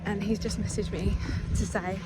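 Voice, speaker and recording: A woman hosting a casual travel vlog, chatty and excitable with quick asides, filming on a handheld camera. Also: mid-range voice. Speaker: vlogger. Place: in a campervan on the road and outdoors. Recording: loud road and wind noise.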